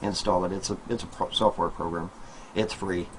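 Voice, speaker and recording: A man with a drawl and a lowish voice rambles to his webcam from a small trailer at home. He repeats himself and leans on fillers and asides to viewers. A faint hiss sits under the recording. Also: steady tone, moderate pace. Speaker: video blogger. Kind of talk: casual monologue to camera.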